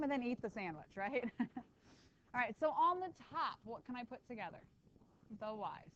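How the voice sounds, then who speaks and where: Lively woman math teacher in class. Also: on the high side, muffled recording. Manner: lively, talks to students with quick asides. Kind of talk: classroom lecture.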